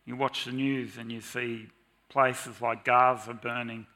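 Male preacher in a church, unhurried and earnest sermon delivery, bright tone with a gravelly edge. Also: mid-range voice, level tone. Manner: earnest, confessional. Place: church with slides.

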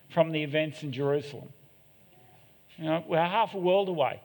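Middle-aged man, sermon, candid and self-deprecating, slightly high voice, long church-hall reverb. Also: expressive, moderate pace, creaky, long pauses, a little mellow. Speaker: preacher.

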